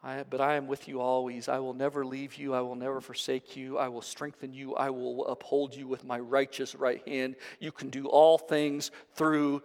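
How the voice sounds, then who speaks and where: A man's voice: very high-pitched, moderate pace, a bit bright, big-room sound, pitched above the performer's own voice. A man voicing a compassionate male savior and shepherd, speaking with fervent, emphatic promises. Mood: tender.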